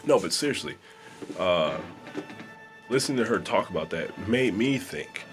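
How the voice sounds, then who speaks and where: A low-pitched man talks straight to camera in a loose, rambling vlog manner, padding his sentences with fillers. He is in a small room with dampened sound. Soft music sits faintly behind him. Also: expressive, moderate pace, long pauses. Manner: rambling, filler-heavy, conversational. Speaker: vlogger and musician. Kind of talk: casual talk to camera.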